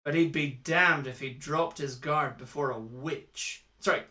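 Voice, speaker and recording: A man's voice: on the high side, measured pace, bright, forceful tone. A Scottish man reading a romance novel aloud with dry, joking asides, in casual banter with his co-host. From Scotland. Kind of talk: tipsy live reading and banter. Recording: echoey room.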